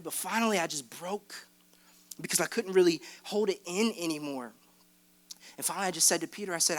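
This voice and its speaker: A man's voice: sits high, fairly quick, fairly bright tone. A young man, a youth pastor, preaching a candid sermon that builds into fervent exhortation from a church stage. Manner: candid, self-deprecating, rising to fervent exhortation.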